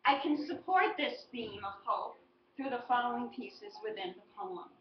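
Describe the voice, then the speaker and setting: A woman teacher giving a model poetry presentation, explaining in a deliberate, clearly paced way. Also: a little high, animated, a little hiss or hum. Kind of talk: model student presentation on a poem. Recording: echoey, distant, dull and lo-fi.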